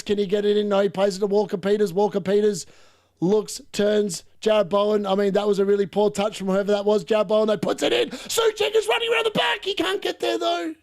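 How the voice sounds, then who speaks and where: A high-voiced, excitable man streams a football watchalong with live commentary and reactions. He shouts at missed chances and mocks the players.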